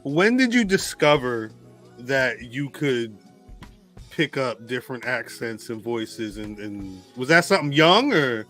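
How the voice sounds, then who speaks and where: A man co-hosting a podcast in casual chat, laughing often and geeking out in an animated way. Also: mid-range voice, measured pace, soft background music. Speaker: podcast co-host.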